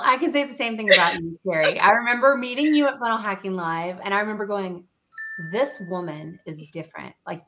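A woman's voice: on the low side, bright, forceful tone, a little hiss or hum. Woman podcast guest, sincere and thankful, conversational. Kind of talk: casual interview chat.

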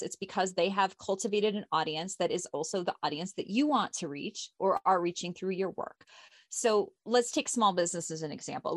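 A woman from the United States hosting a podcast, talking casually and energetically, a self-described loud extrovert. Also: medium pitch, no echo, studio quality. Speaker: podcast host. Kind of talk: casual podcast chat, teaching pitching.

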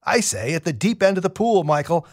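A man's voice: high-pitched, sing-song, a little fast, no echo, studio quality. A man hosting a radio program, asking friendly conversational questions to his guests. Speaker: radio show host. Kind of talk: radio interview.

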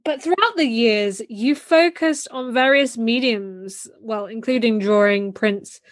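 A woman hosting an interview, mostly listening and then asking measured questions. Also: a little high, no echo, studio quality. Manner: attentive, short responses, measured questions. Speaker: podcast host.

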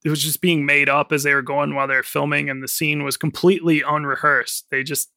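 A man co-hosting a film podcast in casual chat, rambling with lots of fillers and quick laughs. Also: a little high, flat delivery, gravelly, bright, forceful tone, no echo, studio quality. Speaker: podcast co-host.

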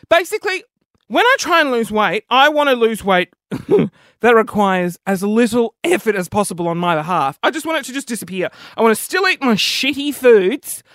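A podcast host with a fairly bright, high-sitting voice tells self-mocking comic stories, chatting casually and swearing freely. The recording is dry, with clean studio sound.

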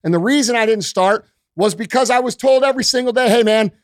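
A man's voice: extremely high pitch, fast talker, dry recording, studio quality. A man hosting a motivational podcast, talking bluntly and profanely and ending points with "okay?". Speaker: podcast host. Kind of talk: motivational monologue.

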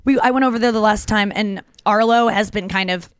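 A woman in her thirties co-hosting a podcast, telling animated stories in casual chat with lots of restarts and fillers. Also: medium pitch, a little fast, clear, resonant tone, no echo. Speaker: podcast co-host.

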